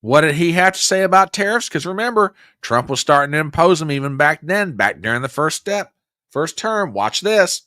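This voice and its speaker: A male host of a political commentary show who talks in an exclamatory, mocking way, swinging his pitch wildly up and down. His voice is bright and forceful. The sound is dry and close. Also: very animated, moderate pace, no room sound.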